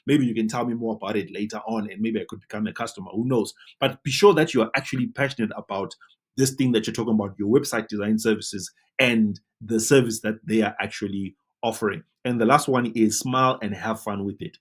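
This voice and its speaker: A man teaching web design in a tutorial, coaching viewers in an animated way and often asking "right?". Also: fairly low pitch, fast, breathy edge. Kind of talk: tutorial talk to camera.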